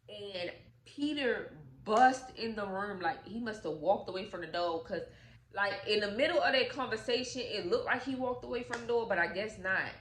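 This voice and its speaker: A woman telling a movie's story in a casual, animated, profane way, acting out the characters' lines. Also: mid-range voice. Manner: animated, profane, acts out quotes. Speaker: storytime vlogger. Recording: echoey room with faint noise.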